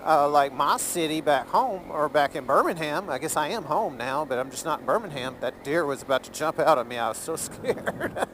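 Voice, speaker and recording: Guy, rambling car vlog, jokey, slightly higher voice, faint road noise. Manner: chatty, rambling, jokey, laughs easily. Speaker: vlogger. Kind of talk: casual rambling vlog while driving. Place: in a car, driving.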